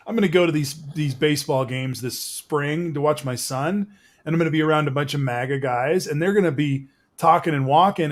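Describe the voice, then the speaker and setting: A middle-aged man hosting a casual live panel talk. He reads viewer comments and speaks bluntly and with plenty of swearing. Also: a little high. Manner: blunt, profane and fired up. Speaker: host.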